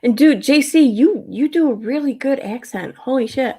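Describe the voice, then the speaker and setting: A woman's voice: high-pitched, normal speed, dark tone, husky. An American woman hosting a casual livestream, rambling with many fillers and laughing easily. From United States. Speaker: livestream host.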